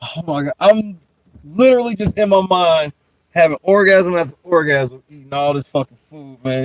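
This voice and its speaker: A young man and podcast host telling stories in a casual chat, profane and animated, often breaking into laughter. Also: a little high, normal speed, rough recording.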